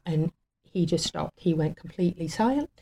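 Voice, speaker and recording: Woman, lowish voice, casual storytelling, emotional, laughs between words. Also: animated, moderate pace. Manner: warm and emotional, laughs often, many fillers. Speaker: guest telling a story. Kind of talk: casual storytelling on a talk show.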